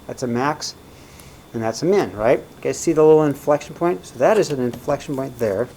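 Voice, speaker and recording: A man's voice: mid-range voice, a little fast, dark tone, a little hiss or hum, poor audio. A man teaching a recorded math lesson in a casual way, often checking in with "right?" and "okay?".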